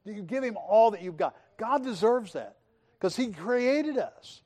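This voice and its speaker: Higher-voiced man preaching a sermon. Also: sing-song, a little mellow. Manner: reads scripture slowly and low, then preaches with rising fervor; folksy and conversational, with restarts. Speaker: pastor. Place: church sanctuary.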